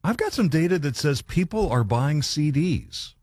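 A man's voice: fairly high pitch, very animated, normal speed, a little mellow, no echo. Radio co-host guy, teasing and dry, voice bounces up and down, dead dry studio sound. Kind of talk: casual radio banter.

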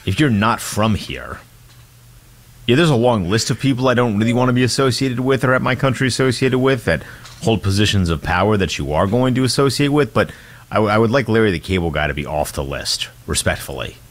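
Casting: male co-host, low voice, relaxed and dry. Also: brisk. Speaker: radio co-host. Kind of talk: sports talk radio.

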